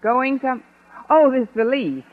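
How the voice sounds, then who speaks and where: An actress playing a quick-witted, flustered English teacher in a 1950s radio sitcom. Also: female voice, high voice, expressive. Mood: playful. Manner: wisecracking, flustered, giggly. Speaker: schoolteacher. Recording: muffled old radio broadcast with audience.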